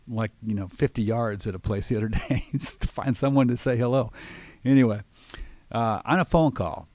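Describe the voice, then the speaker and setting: On a dry recording, a man with a voice on the low side hosts a radio talk segment as a sales trainer. He lively explains sales tactics and acts out example phone lines.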